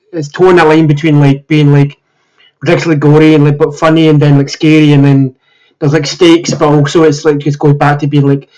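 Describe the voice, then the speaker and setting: A slightly hoarse man hosting a podcast, chatting casually and rambling with many filler words. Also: fairly high pitch, darkish tone, rough recording. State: slightly hoarse, recovering from illness. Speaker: podcast host. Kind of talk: casual chat.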